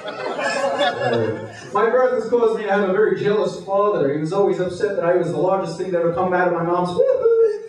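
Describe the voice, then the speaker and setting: A man doing stand-up with crude deadpan one-liners, his fairly high voice swinging widely in pitch. He is caught from a distance on a handheld mic in a very echoey hotel club. Loud audience laughter fills the room behind him. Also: a little fast, some chatter behind. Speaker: stand-up comedian. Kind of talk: stand-up comedy set. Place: hotel comedy club stage, indoors. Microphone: handheld stage mic.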